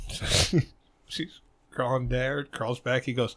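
A man's voice: medium pitch, slow pace, pauses often, fairly bright tone. A man co-hosting a podcast, teasing and telling jokes he laughs at himself. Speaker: podcast co-host. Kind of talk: casual profane chat, joke telling.

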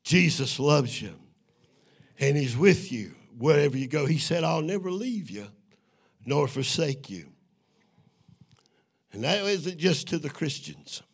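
A middle-aged man, preaching his testimony in a sermon, moving from hushed storytelling to shouting. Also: on the high side, animated, unhurried, pauses often, slightly rough. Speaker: evangelist.

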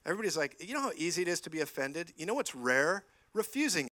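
A man preaching a lively sermon in a church, telling stories and acting out the voices of people in them. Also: on the high side, quick pace, few pauses, dry recording. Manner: animated, jokey, acts out voices in stories. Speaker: guest preacher.

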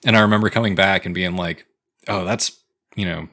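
A man's voice: low-pitched, steady tone, fast talker, pushed and bright. A man in his twenties co-hosting a casual podcast chat, laid-back and swearing as he tells stories. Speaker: podcast co-host.

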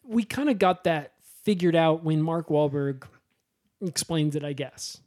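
A woman's voice: sits low, lively intonation, unhurried, a little mellow. A woman co-hosting a casual comedy chat, joking and retelling scenes. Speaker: podcast co-host.

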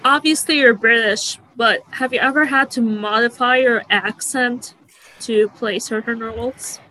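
A woman asks questions in a relaxed interview. Her voice is fairly high and bright, and her manner is curious and friendly. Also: a little slow, low-quality recording.

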